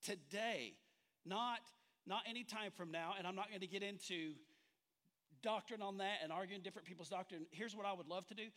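A man with a high, light voice delivers a sermon in a church sanctuary. He speaks conversationally, quizzing the congregation and cracking jokes as he teaches. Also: fairly quick, a bit bright. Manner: conversational, engages the congregation with questions and humor. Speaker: pastor.

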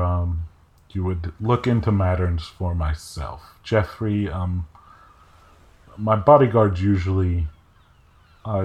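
A man running a tabletop game as game master, talking in a relaxed way with many fillers. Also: low voice.

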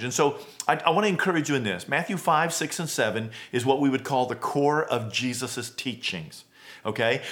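Earnest pastor preaching casually. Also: male voice, mid-range voice, fairly bright tone. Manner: conversational, earnest, self-questioning, with many fillers and restarts. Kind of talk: sermon.

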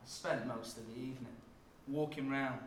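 A man preaching a sermon, dropping to a hush and rising to loud emphasis as he tells the story. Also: medium pitch, steady tone, moderate pace, roomy sound, a little hiss or hum. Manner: dramatic shifts from hushed to loud when acting out scenes.

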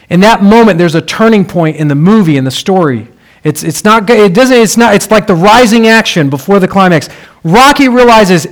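A preacher delivering a sermon in a fairly high male voice. He tells stories in a conversational way and then swells into emphatic, rallying lines. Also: lively intonation, moderate pace.

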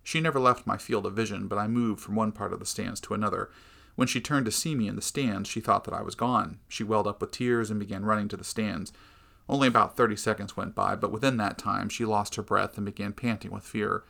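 A man narrates a Christian devotional book in a measured, earnest reading. His voice sits low and carries a gravelly edge. The tone is bright and forceful. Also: steady tone.

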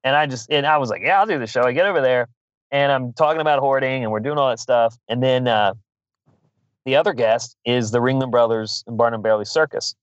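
A man's voice: medium pitch, a little fast, clean tone, no echo. Guy telling a wild story, laughing a lot, kinda dull dry sound. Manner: animated storyteller, swears freely, laughs often. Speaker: podcast guest. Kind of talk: casual storytelling.

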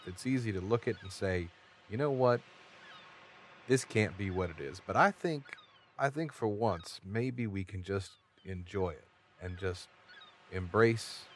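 A man in his thirties speaks in character at a tabletop game, his voice sitting low. He sounds earnest and reassuring. Faint noise hums behind him. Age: 30s. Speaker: player. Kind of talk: in-character role-play.

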